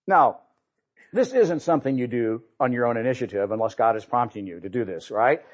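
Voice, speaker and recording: A man preaching a sermon in a conversational way, often doubling back on his words. His voice sits at an ordinary middle pitch. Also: expressive, a little fast. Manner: conversational, repeats and restarts words.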